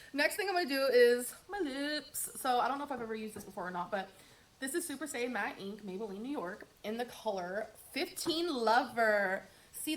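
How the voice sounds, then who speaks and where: An upbeat woman talks her viewers through a makeup routine in a casual get-ready-with-me vlog. Her voice is a touch high for a woman. She slips in dry, sarcastic jokes between steps. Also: a little hiss or hum. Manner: chatty and upbeat, with wry sarcastic asides. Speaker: beauty vlogger.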